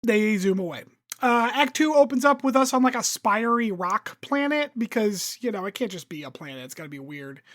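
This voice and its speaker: A woman co-host recaps the story in casual chat, full of ums and likes, slipping into quick impressions of the characters. Her voice sits a bit high. The sound is close and dry. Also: animated, fairly bright tone, no room sound. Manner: chatty recap with lots of um and like, acts out characters' lines. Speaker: podcast co-host summarizing the episode.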